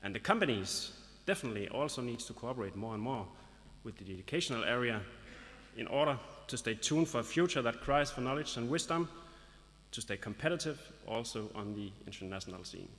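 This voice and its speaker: A man's voice: medium pitch, animated, brisk, a bit bright. A man representing a local business association, giving a formal speech with light jokes at a graduation ceremony. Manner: formal, lightly joking, announcing. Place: large hall at a graduation ceremony. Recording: long reverb of a large hall.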